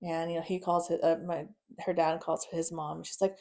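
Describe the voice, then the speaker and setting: A woman's voice: deep voice, little pitch movement, normal speed, creaky, a little mellow. A young woman telling a personal story casually and bluntly, swearing often. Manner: blunt, frequent swearing, nervous laughs. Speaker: guest.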